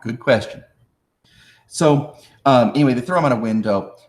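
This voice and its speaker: A man teaching history with a loose, joking manner, answering viewers in chat and slipping into slangy voices for historical figures. His voice sits at an ordinary pitch. The room around him echoes. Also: moderate pace. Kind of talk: live-streamed exam review.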